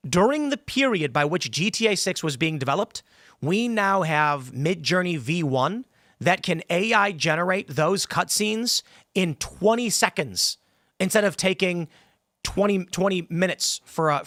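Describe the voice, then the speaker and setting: Argumentative male host, slightly high voice, dry studio mic, talk-show debate. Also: a bit bright, no echo. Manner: pushy, argumentative, quick to interrupt. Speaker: podcast host. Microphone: studio microphone.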